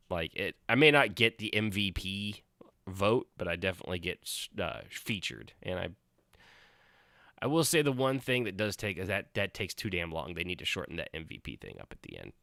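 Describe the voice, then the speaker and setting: A man's voice: deep voice, bright, forceful tone, dry recording, clean studio sound. A man hosting a podcast in casual chat, rambling and swearing freely. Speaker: podcast host.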